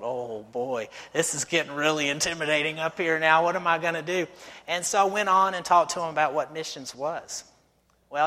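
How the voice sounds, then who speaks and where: Standing in a church sanctuary, a middle-aged man who serves as a missionary delivers a sermon built on conversational storytelling and rhetorical questions. The large space echoes around his somewhat high, bright, forceful voice.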